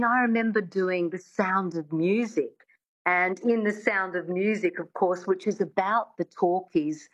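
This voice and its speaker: A woman dialect coach speaking as a radio guest, enthusiastic and quick, often restarting her sentences. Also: on the low side, dull audio.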